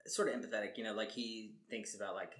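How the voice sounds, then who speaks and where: Bright-voiced man rambling casually. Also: lowish voice, fairly even intonation, fast talker. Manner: rambling, many "like"s and "you know"s. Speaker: podcast co-host discussing a book. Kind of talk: casual chat.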